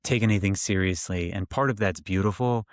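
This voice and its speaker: A man with a slightly low voice chats loosely about his kids, breaking into laughter between stories. The sound is dry and close, with no room around it. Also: fairly quick, dry recording. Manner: laughs often while telling stories, loose and chatty. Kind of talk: casual conversation.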